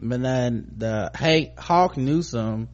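Man, casual commentary, profane, rambling restarts, ordinary pitch. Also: slow pace, lo-fi sound, heavy background noise. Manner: loose and profane, trailing off into restarts. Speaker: commentary show host. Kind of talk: casual commentary on a viral video.

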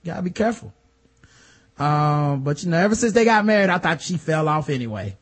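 A man's voice: a little high, expressive, fairly quick. A man hosting a casual podcast, joking through a slangy, crude episode recap. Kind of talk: casual chat.

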